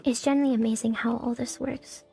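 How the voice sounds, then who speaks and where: A woman's voice: a little high, fairly even intonation, quick pace, creaky, dark tone. A young woman streaming from home, chatting candidly and rambling, swearing freely, on a mic on a stand. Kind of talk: casual stream chat. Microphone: new condenser mic on a stand. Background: faint background music.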